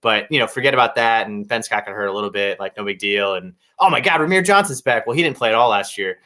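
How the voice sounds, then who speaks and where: A man co-hosting a sports podcast in casual chat, talking with gushing, excitable fan enthusiasm. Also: fairly low pitch, fast. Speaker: podcast co-host.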